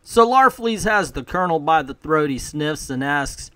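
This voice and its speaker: A man's voice: a little high, moderate pace, hardly any pauses, bright, forceful tone, smooth, dry recording. A man casually reviewing a comic book, amused and mocking.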